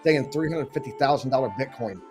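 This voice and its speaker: A man's voice: mid-range voice, a little fast, darkish tone, faint music behind. A man hosting a live market and crypto stream, talking casually with hyped-up greetings. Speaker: show host.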